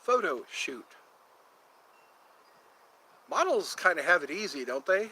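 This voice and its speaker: A man hosting a casual outdoor live stream, rambling to his viewers and to a cat nearby. His voice sits a little high and sounds bright and forward. He talks slowly and drifts into sung lines from old tunes. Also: big pitch swings, slightly rough, rough recording. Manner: rambling, sings snatches of songs, chats to viewers and a cat. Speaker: livestream host. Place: outdoors near a yard or forest edge.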